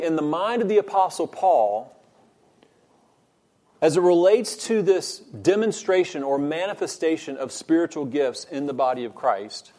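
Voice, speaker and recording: A man teaching a Bible study lesson, earnest and measured, stressing points by repeating phrases. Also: on the high side, expressive, dark tone.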